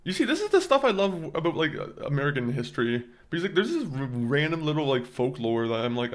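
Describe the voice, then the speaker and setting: A man's voice: fairly high pitch, big pitch swings, fast, hardly any pauses. Rambling young male streamer. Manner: rambling, stammers and repeats words, chuckles often. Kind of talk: casual live-stream chat with viewers.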